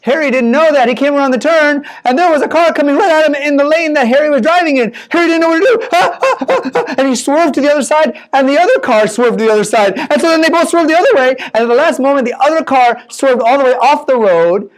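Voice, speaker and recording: A man telling a children's mission story, animated and playful, with spoken sound effects. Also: very high voice, fast talker, hardly any pauses.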